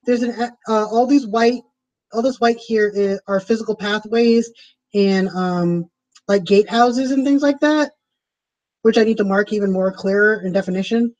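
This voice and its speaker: A woman's voice: mid-range voice, moderate pace, a little mellow, poor audio. A woman streaming from her home, chatting casually and rambling with lots of fillers as she plans a tabletop game. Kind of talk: casual chat to viewers.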